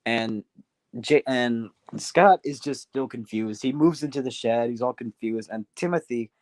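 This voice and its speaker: A man's voice: mid-range voice, a little slow, no echo. Rambling man telling a story on stream. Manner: rambling, many restarts and fillers. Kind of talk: casual livestream storytelling.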